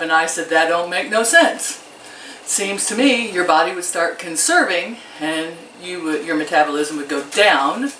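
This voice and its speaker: A woman's voice: fairly low pitch, a bit bright. An older woman hosting her own vlog in chatty, self-mocking talk, laughing often. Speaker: vlog host. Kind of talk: casual vlog chat. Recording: distant voice with background noise.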